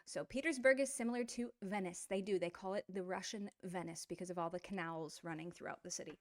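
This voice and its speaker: A middle-aged woman teaching an online language lesson, explaining in a playful, animated way with quick asides. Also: fairly low pitch, no echo, studio quality.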